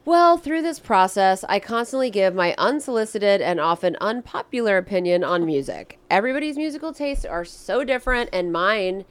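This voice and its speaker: A woman's voice: mid-range voice, animated, normal speed, few pauses. A woman hosting a podcast, talking in a blunt, profane, opinionated way in casual chat. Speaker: podcast host.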